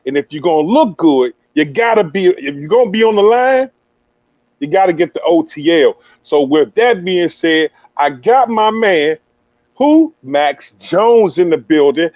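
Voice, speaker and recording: A man hosting a podcast in a hype, slangy, joking manner, his voice sitting a little high. The sound is dull and lo-fi, and very dry. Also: expressive, unhurried, darkish tone, no echo. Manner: hype, slangy, playful banter. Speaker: podcast host interviewing a youth player. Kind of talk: casual podcast interview.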